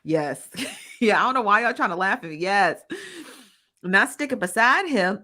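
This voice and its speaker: A woman's voice: mid-range voice, animated, normal speed, bright, forceful tone. A woman hosting a casual live-stream commentary, laughing often and calling viewers "honey" and "child" as she reads the chat.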